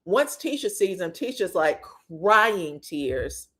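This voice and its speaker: Animated woman recapping reality TV gossip. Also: fairly low pitch, slow. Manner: animated storytelling, acting out cast members' lines; laughs often, swears freely.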